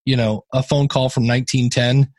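A man's voice: mid-range voice, level tone, normal speed, a little mellow, no room sound. Rambling man giving show feedback. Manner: rambling, many fillers and restarts. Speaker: podcast co-host giving feedback. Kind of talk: casual chat.

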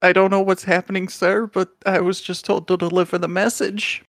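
Guy doing a squeaky nervous mouse, stammers a lot, kinda gravelly. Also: flat delivery, brisk, fairly bright tone, no room sound, studio quality. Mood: flustered. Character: small jittery male mouse messenger.

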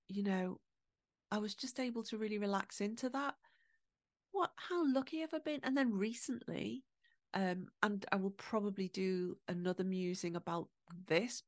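Speaking at medium pitch, a middle-aged English podcast host tells personal stories in a monologue, recorded in studio quality with no room sound. She's candid and emotional, swears, and makes quick asides.

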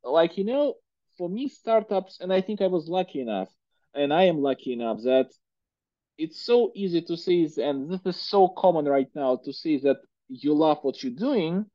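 A man's voice: on the high side, expressive, moderate pace, warm tone, no room sound, highs cut off. A man in his thirties from Russia with a Russian accent, chatting as an interview guest and filling his talk with "like" and "you know". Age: 30s. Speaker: guest entrepreneur. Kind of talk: casual interview conversation.

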